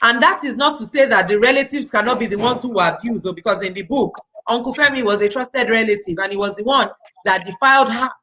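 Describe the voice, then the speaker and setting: A woman in her thirties with a Nigerian accent talks as an author at a virtual book event. She speaks earnestly and with animation, her voice bright and forward, sprinkling her talk with Nigerian interjections. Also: on the high side, fast, poor audio.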